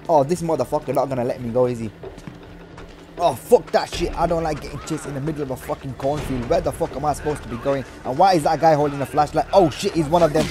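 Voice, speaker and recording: A young man does let's play commentary on a horror game, jumpy and swearing constantly as he yelps and shouts in panic. His voice is fairly high and fast, with music in the background.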